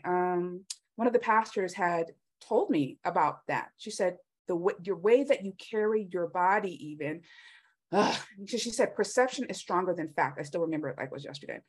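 Woman, animated storyteller, casual chat, frequent ums. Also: medium pitch. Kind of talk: casual conversational interview.

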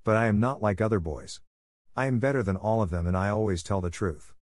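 A man's voice: lowish voice, brisk, a little mellow, no echo, clean studio sound, close to an everyday voice. Pinocchio, a man voicing a whiny puppet boy. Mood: earnest.

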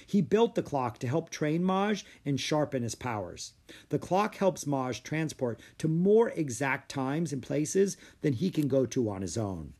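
A man's voice: on the high side, sing-song, a little slow, a little mellow, heavily acted. A man doing a polite young clock-keeper boy. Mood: explaining. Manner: explanatory. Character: young dragon master boy, polite and explaining.

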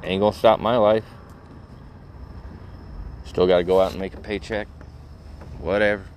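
A middle-aged man talks in a very deep, low voice, rambling bluntly and cynically with plenty of fillers and the odd curse. He records a casual vlog from inside a vehicle. A faint hum of the road sits behind him. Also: steady tone, normal speed, a little mellow. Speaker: vlogger.

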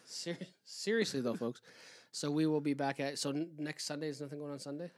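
A man's voice: on the high side, fairly even intonation, brisk, darkish tone. A man with a Canadian accent co-hosting a podcast, rambling and joking casually with a lot of swearing. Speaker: podcast co-host. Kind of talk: casual chat.

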